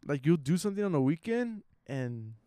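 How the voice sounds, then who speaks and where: A man's voice: on the high side, big pitch swings, a little fast, mellow, clean tone, dry recording, studio quality. A young man, chatting casually and rambling, with many hesitant fillers. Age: young adult. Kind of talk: casual chat.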